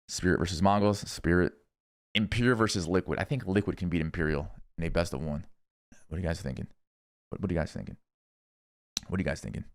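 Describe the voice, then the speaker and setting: A young man streaming, casually rambling through esports predictions with lots of swearing and thinking out loud. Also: low-pitched, brisk, long pauses. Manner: rambling, profane, thinking aloud.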